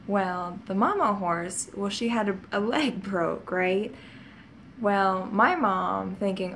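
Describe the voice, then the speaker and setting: A woman's voice: mid-range voice, animated, unhurried, fairly bright tone, a little hiss or hum. A woman vlogger telling childhood stories in a casual, rambling way, often laughing and adding asides. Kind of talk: casual storytelling to camera.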